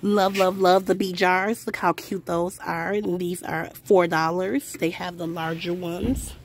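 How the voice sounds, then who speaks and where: Woman vlogger, enthusiastic repeater, lowish voice with some fry, shot on a phone in a store aisle. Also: steady tone, a little slow, a little hiss or hum. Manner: gushing, upbeat, repeats "love, love, love". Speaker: shopping vlogger. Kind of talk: casual store haul walkthrough. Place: inside a discount store.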